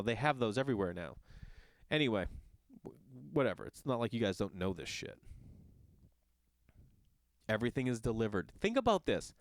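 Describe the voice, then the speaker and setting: A middle-aged man rants in a casual podcast monologue, cursing freely and swinging between shouted jabs and low grumbles. His voice sits at an ordinary pitch. The sound is dry and close, with no room behind it. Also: no room sound. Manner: ranting, profane, animated. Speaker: podcast host. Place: Los Angeles.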